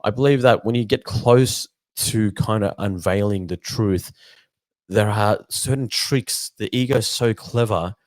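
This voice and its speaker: Male host for a spiritual book discussion. Low voice, dry close sound, thoughtful and meandering delivery with halting restarts. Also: no echo. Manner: thoughtful and meandering, with frequent "you know" and repeated words. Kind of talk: reflective spiritual book discussion, reading passages aloud.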